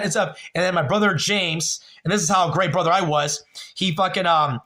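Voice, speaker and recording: Male streamer, forties, forceful bright voice, rambling and profane with his chat. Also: high voice, fairly even intonation, a little fast. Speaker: livestream host. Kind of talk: casual storytelling to chat.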